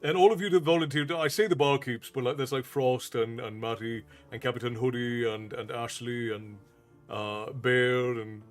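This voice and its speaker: A man hosting a livestream, earnestly thanking his viewers and volunteers in a halting, casual way with repeated words. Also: medium pitch, fairly even intonation, soft background music. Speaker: stream host.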